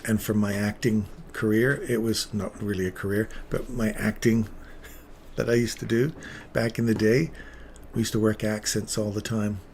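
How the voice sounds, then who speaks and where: A man's voice: on the low side, little pitch movement, normal speed, a little mellow, a little hiss or hum. A man hosting a live trading stream, rambling between chatty asides and market commentary with playful remarks to viewers.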